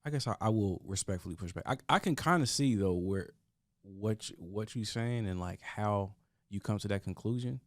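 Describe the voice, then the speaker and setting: A man's voice: on the low side, moderate pace, no echo, studio quality. A man talking earnestly in a casual podcast discussion, often restarting his sentences. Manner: earnest, with frequent restarts and stammers.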